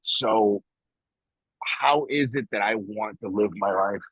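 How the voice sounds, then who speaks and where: A man's voice: lowish voice, takes it slowly, fairly bright tone, husky, no room sound, highs cut off. A man co-hosting a podcast, talking in a rambling, emphatic way and swearing casually as he chats. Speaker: podcast co-host. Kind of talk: casual morning chat.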